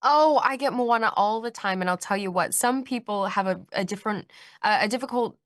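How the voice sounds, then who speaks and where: A woman in her twenties giving a press interview, bubbly and animated, laughing often. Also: medium pitch, a little fast, dry recording, studio quality. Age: 20s. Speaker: actress being interviewed.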